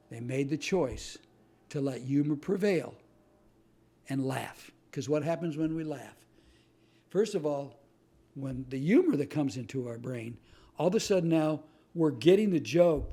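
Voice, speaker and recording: A man speaks in a warm, somewhat high voice. He tells stories with animated, punchy emphasis, often repeating a phrase for effect, like a motivational speaker. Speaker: host and author. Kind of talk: motivational talk.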